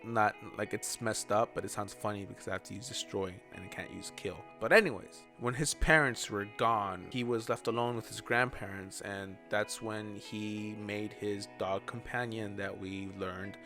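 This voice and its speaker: A young man casually recapping a show episode, rambling and chatty, with lots of "you know" and "like.". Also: on the low side. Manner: drops to an aside whisper now and then. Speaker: recap host. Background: background music.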